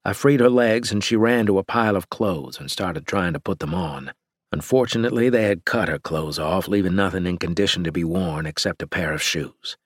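Male audiobook narrator, low voice, husky tone, grim measured delivery, dry close mic. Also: dry recording. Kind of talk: first-person audiobook narration.

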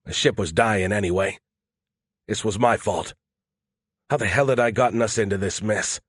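A man giving scripted first-person audiobook narration, steady and tense. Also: on the low side, moderate pace, breathy edge, no echo.

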